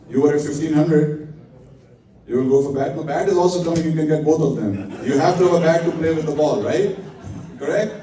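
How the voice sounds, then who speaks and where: A man's voice: a little high, mellow. A man calling a live charity auction, coaxing the crowd to raise their bids. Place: event hall. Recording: echoey hall from far off.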